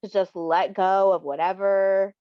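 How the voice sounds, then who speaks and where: A woman's voice: mid-range voice, steady tone, a little slow, no room sound. Candid woman guest, dull dry sound. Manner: candid, reflective, acts out quoted lines. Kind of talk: casual chat.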